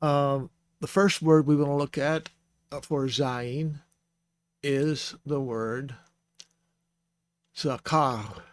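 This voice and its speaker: A man with a smooth mid-range voice and a steady tone speaks very slowly, with long pauses, into a close microphone. Teaching Bible Hebrew informally, he patiently works through the alphabet, spelling out sounds and amending his mistakes along the way.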